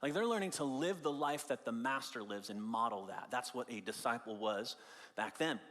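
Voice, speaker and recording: A man's voice: mid-range voice, normal speed, a bit bright, long reverb tail. A male pastor preaching a sermon in a conversational, explaining way, stressing key phrases by repeating them. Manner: conversational, explaining with everyday examples. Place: church sanctuary.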